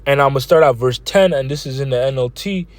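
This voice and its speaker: A man teaching a scripture lesson in a conversational way, reading verses slowly and filling his talk with "man" and "you know.". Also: medium pitch, no echo. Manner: slows down to read verses aloud. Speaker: bible teacher.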